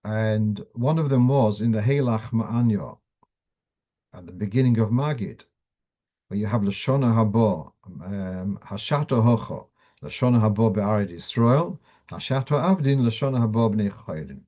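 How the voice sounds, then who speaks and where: A man's voice: on the low side, expressive, measured pace, mellow, highs cut off. A man teaching a class on Jewish law, explaining step by step with restarts and fillers, mixing Hebrew and Yiddish terms into English. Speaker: Torah teacher.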